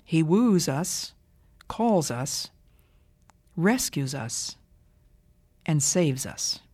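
An older woman giving a scripted radio Bible talk in a measured, emphatic way. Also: deep voice, sing-song, a little mellow, breathy edge, dry recording. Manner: measured, deliberate, emphatic delivery.

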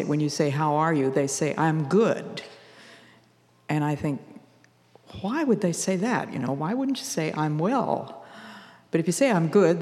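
An older woman giving an earnest, measured radio devotional talk, quoting scripture as she teaches. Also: low-pitched, a little mellow, in a large hall.

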